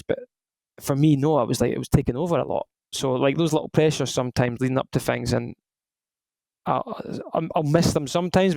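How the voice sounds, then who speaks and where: A man's voice: mid-range voice, vocal fry, dry recording, poor audio. A Scottish man in his thirties, a retired footballer, talking casually and rambling through stories with lots of restarts. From Scotland. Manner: rambling, frequent restarts, relaxed storytelling. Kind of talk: casual podcast chat.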